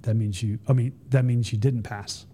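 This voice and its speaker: A man's voice: moderate pace, slight background noise. A middle-aged man from the United States, a retired Special Forces soldier, telling stories casually as a podcast guest and acting out the voices of the people in them. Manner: animated, acts out quoted voices with high pitch jumps. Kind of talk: casual storytelling.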